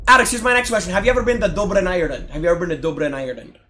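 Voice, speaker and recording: A young man streaming a game live, chatting loudly and excitably with viewers, often breaking into shouts and laughs. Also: high-pitched, very fast, a little hiss or hum. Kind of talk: live gaming stream chat.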